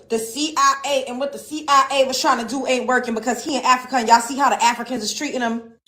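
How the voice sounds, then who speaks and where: A woman with a high voice gives commentary in a social media clip. She talks in a sassy, emphatic way. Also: a bit bright.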